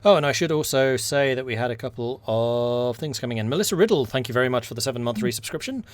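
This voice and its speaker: A man's voice: medium pitch, animated, quick pace. A man hosting a tabletop game stream as game master, chatting casually and thanking subscribers. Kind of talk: casual chat between game sessions.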